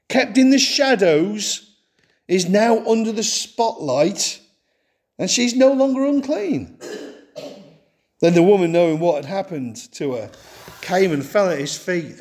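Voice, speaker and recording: Man, preacher, sermon, animated storytelling, high voice. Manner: animated storytelling, acting out quotes.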